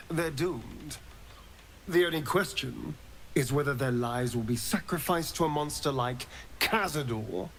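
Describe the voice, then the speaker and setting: A man's voice: on the high side, fairly bright tone, slight background noise, heavily acted. An actor playing a sly, arrogant young-looking male vampire spawn in a video game, with a smug, mocking, theatrical delivery.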